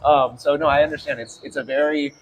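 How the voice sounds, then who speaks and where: Very fast-talking man host. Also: on the high side, crowd noise, rough recording. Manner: rambling, many "yeah" fillers, storytelling. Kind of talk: casual conversation. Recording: steady background noise.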